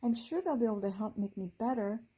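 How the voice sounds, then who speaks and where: A woman voicing a tiny, weak young female fairy who speaks softly and sleepily. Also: on the high side, animated, quick pace, breathy edge. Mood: weak, sleepy. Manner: sleepy, soft and sweet.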